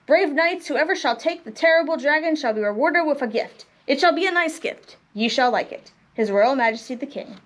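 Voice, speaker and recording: A fed-up king from a picture book, as a woman reads him aloud. He proclaims in a loud, formal manner, his pitch riding high and swinging widely. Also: lively intonation, a little fast, hardly any pauses. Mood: proclaiming. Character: pompous fed-up king of a storybook kingdom.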